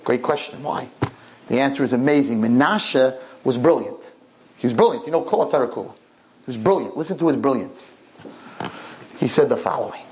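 A man's voice: medium pitch, moderate pace, long pauses, darkish tone, slight background noise, low-quality recording. A man giving a sermon to a room of girls, telling a story dramatically with emphatic repetition. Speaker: religious teacher addressing girls.

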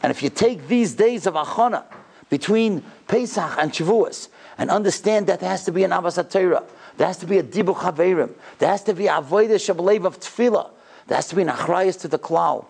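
A middle-aged man giving a speech to a yeshiva, telling a story with animated delivery. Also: fairly quick, gravelly, husky. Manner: animated storyteller, voice climbing high in retold dialogue. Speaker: guest speaker at a yeshiva.

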